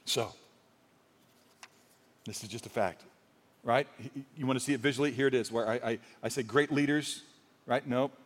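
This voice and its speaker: A man's voice: medium pitch, moderate pace, long pauses. A male pastor preaching a sermon in a conversational, storytelling way, with humor and rising emphasis. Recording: long hall reverb.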